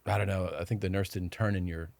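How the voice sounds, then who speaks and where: A man's voice: low voice, little pitch movement, fast talker, gravelly, darkish tone, no room sound. A man guesting on a podcast, telling rambling stories in casual chat and acting out what others said to him.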